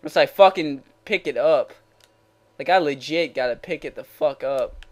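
A young man giving live commentary over his own video game match, swearing constantly, yelling in frustration, then muttering to himself. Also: a little high, normal speed. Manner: swearing, swinging between raging shouts and muttering. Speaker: gaming channel host.

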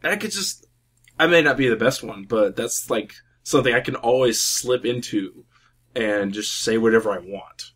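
A young man co-hosting a game playthrough, bantering and teasing his friend with relaxed hesitations. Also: mid-range voice, moderate pace, slightly rough. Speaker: let's play co-host. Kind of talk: casual gameplay chat.

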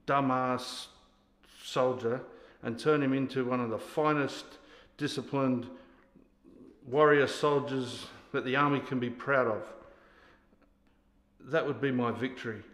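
An actor playing a drunk, bullying older army sergeant who barks insults and orders. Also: male voice, mid-range voice, steady tone, unhurried, fairly bright tone, close to an everyday voice. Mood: commanding. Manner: barking, insulting, commanding. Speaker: actor in a scene. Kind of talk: stage scene acting. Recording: echoey hall.

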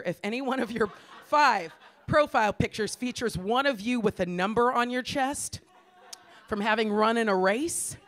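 An American woman in her forties doing a stand-up comedy set, brash and profane, ranting in exasperation with sudden shouted outbursts. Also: on the high side. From Los Angeles, US. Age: 40s.

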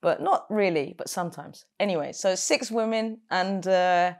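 A woman's voice: on the low side, moderate pace. A woman who grew up in London, a comedian chatting casually in an interview, rambling with fillers and self-deprecating jokes. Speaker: comedian guest.

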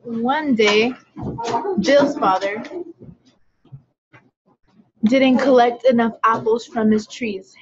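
Woman calmly reading a children's story. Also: on the high side, takes it slowly, long pauses, slight background noise. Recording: dull lo-fi recording.

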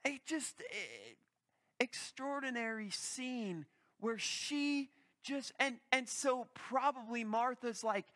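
Male pastor with a high, bright voice. He tells the story in a vivid and animated way. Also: slow pace. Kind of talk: sermon.

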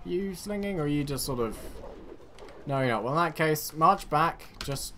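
A British man from the United Kingdom giving rambling, excitable game commentary with sarcastic asides. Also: on the high side, moderate pace, slight background noise. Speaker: let's play gamer.

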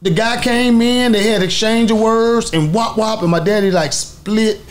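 A man's voice: sits high, normal speed. Laid-back comedian man. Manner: laid-back, laughing, animated when telling stories. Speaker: comedian, guest. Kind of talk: casual interview storytelling.

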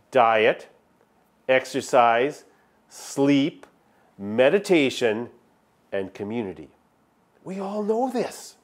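A man's voice: fairly high pitch, a little mellow. A male pastor giving a sermon in a conversational style, stressing key words with emphatic repetition. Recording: filmed sermon video.

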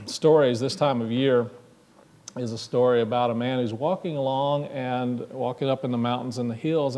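A man's voice: mid-range voice, a little mellow. Conversational male minister preaching. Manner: conversational, asks the congregation questions. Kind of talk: sermon. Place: church sanctuary.

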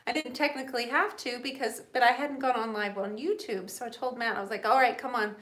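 A woman with a fairly high voice hosts a live painting tutorial from her home studio, and her voice rings in an echoey room. She chats easily and laughs often. She breaks off with quick apologetic asides as she paints. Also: steady tone, fairly bright tone. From United States.

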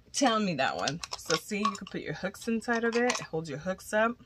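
A woman's voice: mid-range voice, very animated, unhurried, background noise. A woman vlogger chatting casually and gushing as she unboxes crochet gifts, cursing now and then.

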